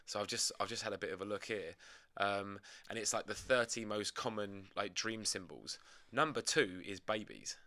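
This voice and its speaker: Bright, dry-voiced young man rambling. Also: on the low side, normal speed, no room sound. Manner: rambling, filler-heavy, jokey. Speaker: podcast co-host. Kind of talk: casual chat.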